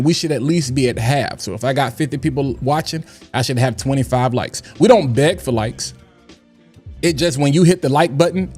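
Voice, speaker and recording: A man hosting a casual livestream chat, loud and playful, shouting out people in the chat and often asking "you know what I'm saying". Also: medium pitch. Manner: hype, animated, shouts out chat names; loud, playful, breaks into singing and scatting. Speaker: livestream host.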